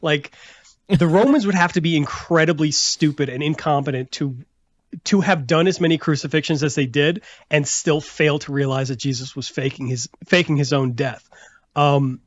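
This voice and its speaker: A man with a somewhat high voice talks through a casual podcast chat, laughing often and rambling with restarts and fillers. The sound is a little muffled and lo-fi, with a dry, close feel. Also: steady tone, moderate pace, dry recording. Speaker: podcast host.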